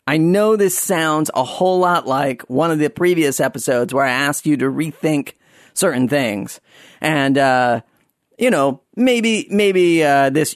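A man hosting a solo talk show in a casual, rambling way. He is sarcastic and keeps cutting himself off mid-thought. His voice sits a little high, and the sound is dry and close. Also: dry recording. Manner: rambling, sarcastic, self-interrupting. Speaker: podcast host.

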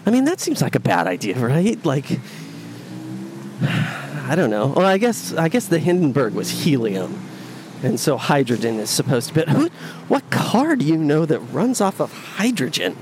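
Very animated and on the high side, a man narrates his commute on foot at normal speed, wandering off track with frequent fillers and restarts. The phone recording picks up slight background noise and faint street ambience, and his tone is a little mellow.

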